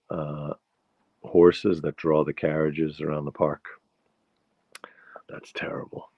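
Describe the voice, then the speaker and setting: Deep and creaky, this Bronx-born man's voice comes through a dry, dull lo-fi recording. He hosts his podcast alone, delivering a playful, wandering monologue packed with digressions.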